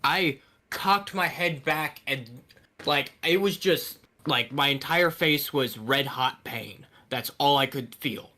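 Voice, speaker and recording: Young man, podcast co-host, casual chat, animated storytelling, slightly high voice. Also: slow pace.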